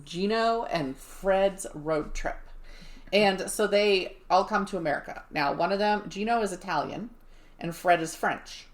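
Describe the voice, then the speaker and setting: A woman's voice: mid-range voice, unhurried. A woman co-hosting a podcast, chatting casually and rambling with restarts as she tells a story. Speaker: podcast co-host. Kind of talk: casual chat.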